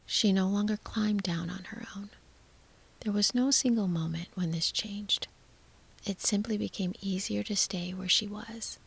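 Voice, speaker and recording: Whispering, gravelly sleep-story narrator woman. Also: mid-range voice, fairly even intonation. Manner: slow, hushed, soothing whisper.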